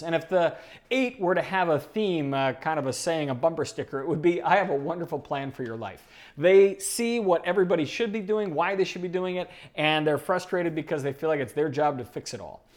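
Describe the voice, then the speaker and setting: Guy teaching a talk, kinda high voice, tells stories, laughs at his own asides. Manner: lively storytelling with asides and chuckles. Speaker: speaker on personality types.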